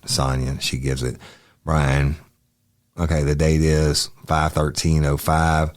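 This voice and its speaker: A man's voice: a bass voice, little pitch movement, no echo, clean studio sound. A man, a former detective hosting a podcast, reading case transcripts aloud in a matter-of-fact way. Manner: matter-of-fact, brisk asides.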